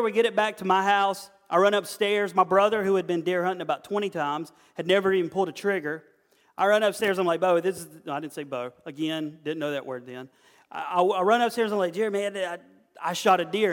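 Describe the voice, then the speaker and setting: A man preaching to a group, telling funny stories folksily and acting out the people in them. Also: high voice. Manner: folksy, storytelling, acts out quoted voices. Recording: long hall reverb.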